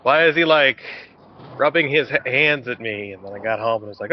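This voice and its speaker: A man in a casual voice chat, telling animated stories, swearing casually and acting out quotes. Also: medium pitch, fairly quick. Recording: dull lo-fi online audio.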